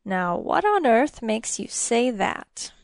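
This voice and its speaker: A woman voicing a gruff, suspicious middle-aged male miller who grunts and growls his words. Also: a little high, big pitch swings, takes it slowly, no room sound, studio quality, exaggerated voice.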